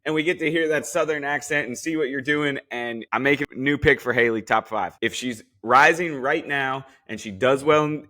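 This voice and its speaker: Bright-voiced man cracking blunt jokes. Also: medium pitch. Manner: blunt, joking, swears freely, talks straight at the contestants. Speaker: podcast host recapping a cooking show. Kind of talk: casual recap commentary.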